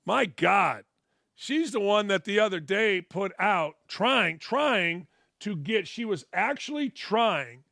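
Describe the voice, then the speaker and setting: A man with a high, gravelly voice, pushed and bright, hosts a sports talk show and delivers a brash, profane, opinionated monologue. Sarcastic asides and mocking put-on quotes run through it. It's a dry, clean studio recording.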